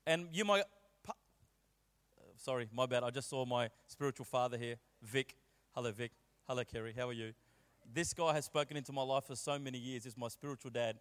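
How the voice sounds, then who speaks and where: A man's voice: medium pitch, a bit bright. A man preaching a sermon to a church with playful jokes and exuberant asides. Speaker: guest preacher. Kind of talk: sermon with banter. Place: church hall. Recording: long church-hall reverb.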